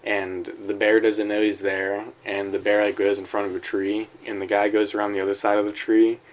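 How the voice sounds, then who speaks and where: A man's voice: fairly low pitch, completely flat delivery, fairly quick, poor audio. A man co-hosting a podcast, telling crude stories in casual chat. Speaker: podcast co-host.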